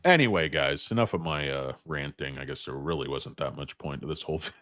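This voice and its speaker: A man hosting a stock market livestream, ranting bluntly and profanely while answering chat, with loud outbursts and low muttered asides. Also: fairly quick, a little hiss or hum.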